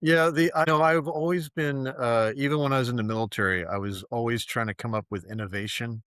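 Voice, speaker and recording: A man in his sixties, a former military pilot, speaking as a guest in a casual interview in a measured, relaxed way. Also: mid-range voice, no room sound, studio quality.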